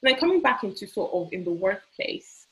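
A woman's voice: mid-range voice, sing-song, brisk, low-quality recording. A woman, a doctor, hosting a casual discussion in a conversational, slightly hesitant way.

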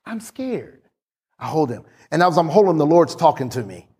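Male pastor, high and raspy, animated storytelling sermon with soft low asides. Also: fast. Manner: animated preaching, acts out dialogue with sudden drops to soft low tones.

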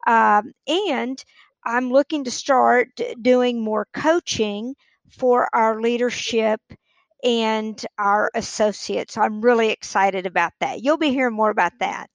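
Podcast guest, woman, fairly high voice, businesslike, voice going, dry sound. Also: takes it slowly, no echo. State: losing her voice. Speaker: podcast guest, real estate leader. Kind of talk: casual interview talk.

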